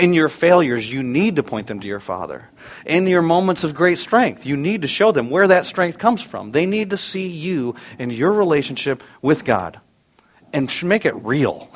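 Telling humorous family stories, a fairly high-voiced pastor in his thirties delivers an earnest sermon. It builds toward loud, emphatic peaks.

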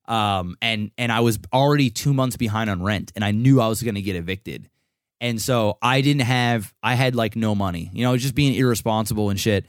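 A man's voice: fairly low pitch, normal speed, no room sound, studio quality. A young man co-hosting a podcast, telling a long personal story in casual, profane chat full of restarts. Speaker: podcast co-host.

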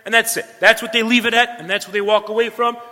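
A man's voice: sits high, little pitch movement, fast talker, bright, forceful tone. A man preaching a sermon in an earnest way, repeating his points and checking in with his listeners. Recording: long hall reverb.

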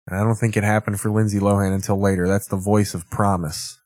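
A man's voice: fairly low pitch, fairly quick, hardly any pauses, a little mellow, dry recording. Wry, foul-mouthed man riffing on TV. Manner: rambling, swears freely, wry asides. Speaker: streamer reacting to TV clips. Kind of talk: casual profane commentary.

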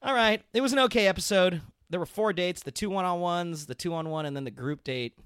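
A man's voice: high voice, brisk, fairly bright tone, smooth, dry recording, clean studio sound. A man co-hosting a podcast, recapping TV in casual, chatty talk with frequent laughs. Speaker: podcast co-host. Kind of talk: casual chat.

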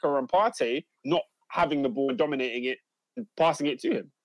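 A man's voice: medium pitch, lively intonation, dry recording. A man hosting a football watchalong, chatting and reading viewer comments aloud. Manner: chatty, reads out viewer comments, measured analysis. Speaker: host of a football watchalong stream. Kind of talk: casual live-stream football commentary.

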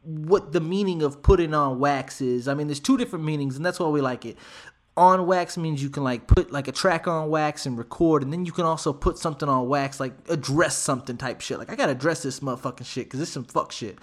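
A male host whose voice sits a little high for a man. He teases and jokes in brash, slangy talk, like a casual hangout interview. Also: brisk. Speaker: podcast host.

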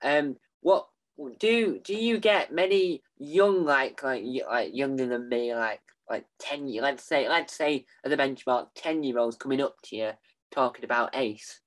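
A young interviewer asks questions with eager enthusiasm. He keeps restarting and stumbling over words. His pitch sits in the middle range. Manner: eager, halting, many restarts. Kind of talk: casual interview.

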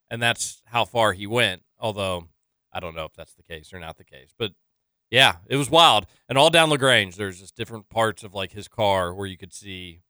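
A man hosting local radio, talking in a loose, chatty way full of fillers. His voice is bright and smooth. It sits dry and close on the studio mic. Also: mid-range voice, no echo. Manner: chatty storyteller, filler-heavy. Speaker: radio show host. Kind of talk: casual radio banter.

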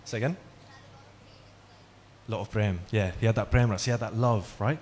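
A man with a lowish, slightly mellow voice addresses an audience in a hall at normal speed. His talk is interactive and engaging, full of stories and questions put to the listeners.

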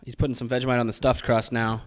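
A young man from Australia talks in a loose, rambling way, full of "you know" and "like". His voice sits at a middle pitch. This is relaxed late-night podcast chat. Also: fast. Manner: rambling storyteller with many fillers. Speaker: co-host.

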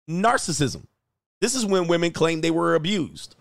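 A man's voice: a little high, lively intonation, takes it slowly, vocal fry, long pauses, no room sound, studio quality. A dating coach giving blunt, profane reaction commentary, laughing at his own points and firing off mocking rhetorical questions.

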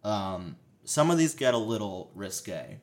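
A man's voice: on the low side, huge pitch swings, unhurried. A man hosting a podcast, chatting casually and telling a story with energy. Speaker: podcast host. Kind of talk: casual chat.

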